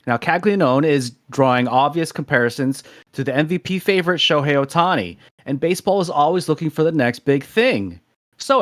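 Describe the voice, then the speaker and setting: A man's voice: a little high, no room sound, clean studio sound. A man co-hosting a podcast, reading stats and then chatting casually about sports. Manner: reads stats, then chats with restarts. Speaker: podcast co-host.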